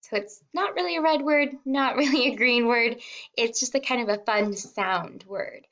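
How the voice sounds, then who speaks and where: A woman kindergarten teacher reading a simple storybook aloud word by word, sounding out and repeating words and gently encouraging young children to follow along. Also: fairly high pitch, moderate pace, lo-fi sound. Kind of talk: slow read-along lesson for young children.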